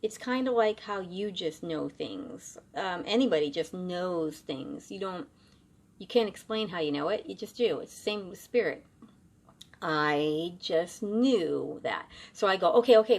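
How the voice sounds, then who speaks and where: Animated woman telling a spooky story. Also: medium pitch. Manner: animated, acts out both sides of conversations. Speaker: psychic medium and former bartender. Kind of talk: casual storytelling to camera.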